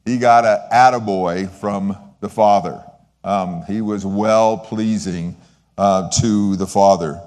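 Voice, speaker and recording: An older man giving a sermon-style testimony, earnest and halting, with frequent pauses and restarts, and a sentimental streak. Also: fairly low pitch, steady tone, a little mellow, in a large hall. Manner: sentimental, voice wavering with feeling. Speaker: lay speaker sharing a testimony.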